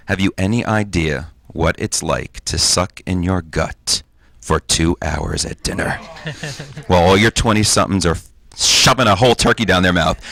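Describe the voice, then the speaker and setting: A man's voice: deep voice, sharp tone. A man in his forties doing a stand-up comedy set on stage, with punchy, self-mocking delivery. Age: 40s. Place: stage before a live audience.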